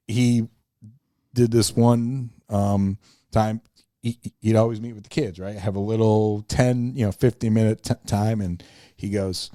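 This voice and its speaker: A man from the northern United States, co-hosting a faith podcast and telling a story in a lively, chatty way. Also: on the low side, dry recording, clean studio sound. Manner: animated storyteller, acts out quoted voices. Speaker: podcast co-host. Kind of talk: casual storytelling chat.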